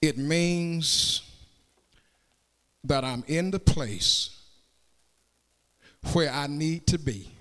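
A man preaching a sermon in a church, swinging from plain talk into shouted, sung cadences and calling out to the congregation for answers. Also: on the high side, very slow, long pauses. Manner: calls out to the congregation for response. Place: church sanctuary. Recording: long hall reverb.

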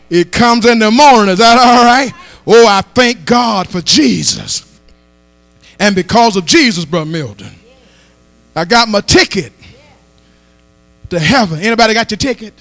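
A man preaching a sermon as pastor, rising into shouted and half-sung call-and-response lines, recorded in a church with a mains hum. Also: high voice, expressive, measured pace, gravelly, pauses often, dry recording. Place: church sanctuary.

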